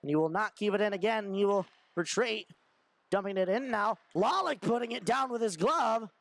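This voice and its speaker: A young man giving fast running play-by-play of a hockey game, shouting when shots and goals come. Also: sits high, no echo. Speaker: play-by-play commentator. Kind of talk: amateur hockey play-by-play commentary.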